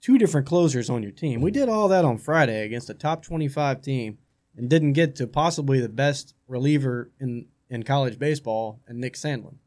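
A man's voice: mid-range voice, brisk. Rambling male sports radio host. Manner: rambling, repeats words when excited. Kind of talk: casual sports talk. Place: radio studio.

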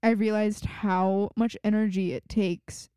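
A woman's voice: medium pitch, fairly even intonation, unhurried, mellow, clear, resonant tone, dry recording, clean studio sound. A young woman co-hosting a podcast in casual chat, telling indignant stories from work. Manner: storytelling, indignant. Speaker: podcast co-host.

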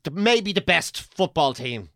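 Irish male co-host, lively sweary storyteller, dry studio sound. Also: fairly high pitch, a little slow, dry recording. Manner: animated storytelling, swears often, breaks into chants. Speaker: podcast co-host. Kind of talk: casual chat.

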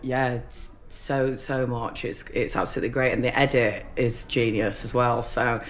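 A woman actor chatting in an interview, rambling and restarting her sentences. Her voice sits low for a woman. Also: level tone, normal speed, slight background noise. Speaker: actor guest. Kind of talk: casual interview chat.

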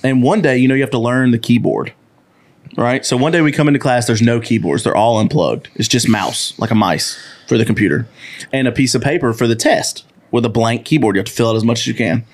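A man's voice: medium pitch, a little fast. A young man, a podcast guest, telling a story casually and animatedly, often breaking into laughter.

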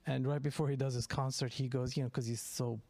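A man's voice: medium pitch, flat delivery, fast talker, creaky, warm tone, dry recording. A man from Turkey with a Turkish accent, a stand-up comedian telling stories in a casual interview, rambling, laughing often and restarting his sentences.

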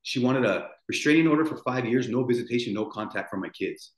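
A man's voice: medium pitch, expressive, quick pace. Rambling man in his forties, echoey room. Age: 40s. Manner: rambling, repeats words, restarts sentences. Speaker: podcast guest. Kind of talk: emotional storytelling. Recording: roomy echo.

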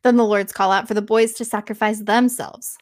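A woman's voice: medium pitch, steady tone, brisk, a little mellow. A woman retelling an old myth in a casual, chatty way, with laughing asides. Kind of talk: casual storytelling.

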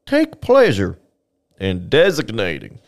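A man with an animated, swooping voice reads archival history on a casual podcast. He takes his time, sliding through long formal sentences at an unhurried pace and stumbling over a word here and there. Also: lowish voice. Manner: reads archival text aloud with stumbles and laughs. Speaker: podcast co-host reading history.

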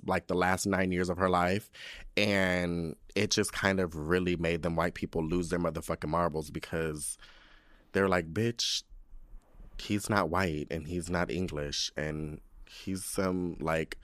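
A man's voice: low voice, a bit bright, no room sound, clean studio sound. A man hosting a podcast, riffing in a casual, profane, gossipy comic monologue with big swings in his voice. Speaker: podcast host.

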